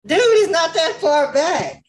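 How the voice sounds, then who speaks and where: A man's voice: very high-pitched, sing-song, far from the mic, poor audio. Teasing man, a little off-mic. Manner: joking, teasing, talks in quick restarts. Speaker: podcast host. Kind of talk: casual podcast banter.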